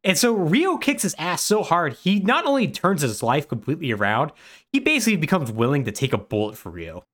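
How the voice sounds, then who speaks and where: A man co-hosting a podcast, retelling a game's story in animated, casual chat full of "like". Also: on the high side, a little fast. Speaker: podcast co-host.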